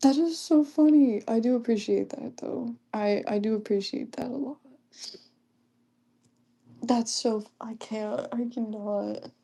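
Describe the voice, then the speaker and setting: Giggly gravelly-voiced young woman streamer. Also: fairly high pitch, unhurried. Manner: reads chat aloud, giggly, hushed, keeping quiet. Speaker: livestreamer. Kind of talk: casual livestream chat.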